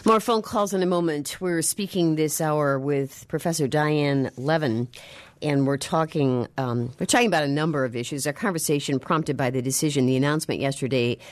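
A woman hosting a radio talk show, measured and brief. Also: low voice, dry recording. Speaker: radio host.

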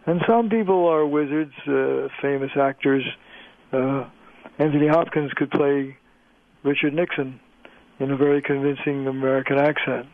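A male linguist, a guest on a radio interview, explaining in a measured way with frequent pauses over the phone. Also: medium pitch, steady tone, no echo. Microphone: telephone. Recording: tinny phone line, dry.

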